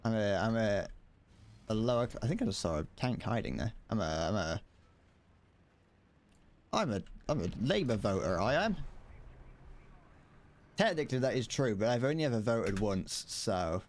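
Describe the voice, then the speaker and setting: British male streamer, lowish voice, rambly and stammering, loose off-the-cuff commentary. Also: big pitch swings, normal speed. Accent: British English. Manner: rambling, stammers and restarts, chuckles often. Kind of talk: casual game-stream chatter.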